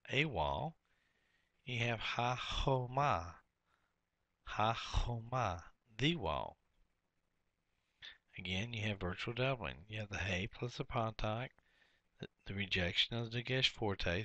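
A man's voice: lowish voice, sharp tone, no room sound. A man teaching a workbook lesson, explaining each step and repeating key words.

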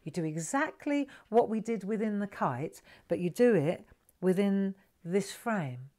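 A middle-aged woman hosting a live craft lesson, chatting gently and coaxing viewers to relax as she demonstrates. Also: medium pitch, animated, a little slow.

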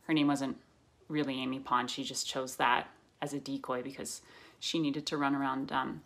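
A woman's voice: very deep voice, little pitch movement, normal speed, fairly bright tone. A woman with a Canadian accent, recording a playful, joking video greeting to her fans. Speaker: actress sending a fan greeting. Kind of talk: casual video message.

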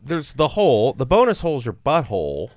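A man guesting on a comedy podcast, chatting casually in an animated, goofy way and jumping into silly voices. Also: medium pitch, fairly quick, no echo, studio quality.

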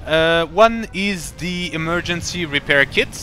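A man's voice: on the high side, a little slow, sharp tone, faint music behind. A man commentating a strategy game live, explaining in a rambling, playful way with many fillers and restarts. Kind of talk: casual live-stream commentary.

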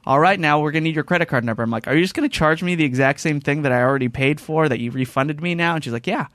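A man's voice: on the high side, very fast, dry recording, studio quality. A man hosting a casual podcast chat, telling stories animatedly and acting out the voices of the people in them. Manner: animated storyteller, acts out quotes. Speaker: podcast host. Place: podcast studio.

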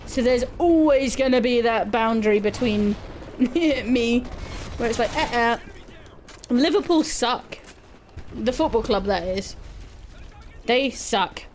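A young woman chatting casually and bluntly with her viewers, crude and quick to giggle. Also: fairly high pitch, darkish tone, slight background noise. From Britain. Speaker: gaming livestreamer. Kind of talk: casual chat answering viewer questions.

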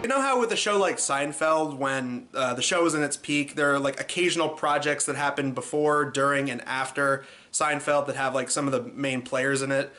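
A man's voice: mid-range voice, normal speed, hardly any pauses, sharp tone, a little hiss or hum. A man hosting a comedic movie review in a casual, sarcastic way, with lots of "uh" and "like" fillers. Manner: sarcastic, loose, many fillers like "uh" and "like".

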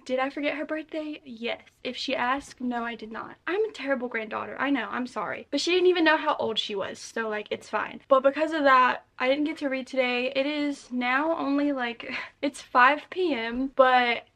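A woman's voice: sits high, moderate pace, few pauses, fairly bright tone. A young woman vlogging about her reading day in a chatty, self-deprecating way, talking from bed. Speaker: book vlogger. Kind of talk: casual vlog talk. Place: bedroom, in bed.

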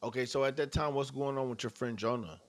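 A man's voice: medium pitch, fast talker, no echo. A man hosting a conversation, nodding along with short sounds and asking brief questions. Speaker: host. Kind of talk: interview questions.

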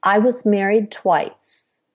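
Slow-spoken middle-aged woman telling her story. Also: mid-range voice, husky. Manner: measured, acts out quoted dialogue. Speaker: podcast guest. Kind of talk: personal storytelling.

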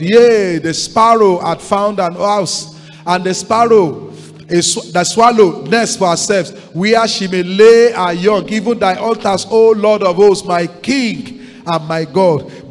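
A Nigerian man preaching a sermon as pastor, urging his congregation to repeat lines back to him with repeated declarations. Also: high-pitched. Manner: exhorting, repetitive call-and-response with congregation. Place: large church hall. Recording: long church hall reverb, faint music.

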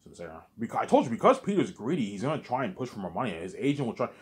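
A man's voice: medium pitch, very animated, rapid-fire, a little mellow, husky. A man rambling through a casual monologue, repeating himself and drifting into talking to himself. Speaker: vlogger.

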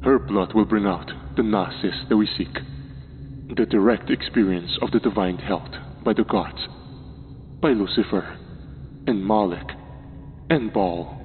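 A man's voice: on the low side, measured pace, long pauses, in a large hall, narrow, tinny audio, a little hiss or hum, natural voice. A man doing a fanatical cult leader in a goat mask. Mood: proclaiming. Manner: proclaiming, ritual chanting delivery.

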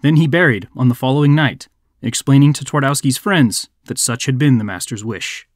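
A man hosting a podcast, reading a folk tale as measured, scripted narration on a close mic. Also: medium pitch, no room sound. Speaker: podcast host.

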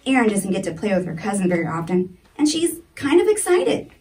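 A woman voicing a gentle, comforting grandmother in a children's story, speaking softly and reassuringly. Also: mid-range voice, sing-song, a little fast, recorded from a distance, close to an everyday voice. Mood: tender. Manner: soft and reassuring.

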